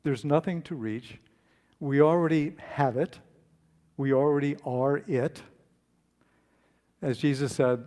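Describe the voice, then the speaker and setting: A man preaching a relaxed, conversational sermon, telling a story and speaking with fillers and restarts. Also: mid-range voice, unhurried, long pauses. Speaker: speaker and author.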